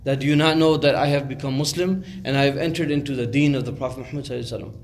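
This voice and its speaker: A man's voice: medium pitch, fairly even intonation, racing. A man telling a story in a conversational sermon, with many fillers and restarts and recited Arabic phrases. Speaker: Islamic speaker.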